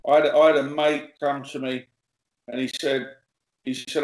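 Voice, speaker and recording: A man's voice: fairly high pitch, normal speed, echoey room, poor audio. A male pastor, telling humorous stories as a podcast guest and acting out the dialogue. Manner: lively, jokey, acts out quoted dialogue. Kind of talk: humorous storytelling.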